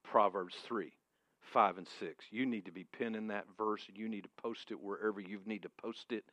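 A male pastor preaching a sermon to a congregation in a church room, emphatic and moving between booming and hushed. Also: fairly even intonation, normal speed, no room sound.

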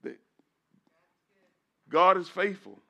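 A man's voice: high-pitched, takes it slowly, gravelly, sharp tone. A middle-aged man, a pastor, giving an emotional testimony in church, preaching with repeated phrases and rising into praise. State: emotional, voice breaking at times.

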